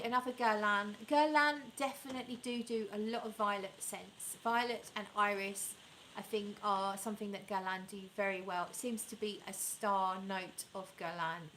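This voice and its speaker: A chatty woman reviewing fragrances for her viewers, her voice crisp and bright with a middling pitch. She talks casually and enthusiastically, rambling and often stopping to correct herself. A faint hum of room noise sits behind her. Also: fairly even intonation, normal speed, poor audio. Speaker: fragrance vlogger. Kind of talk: casual chat reviewing perfumes and reading live comments.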